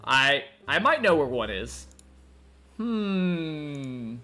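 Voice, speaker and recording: A man's voice: a little high, sing-song, extremely slow, pushed and bright, faint music behind. A man from North Carolina streaming a detective game, chatting casually, joking and laughing often. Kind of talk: casual gameplay commentary.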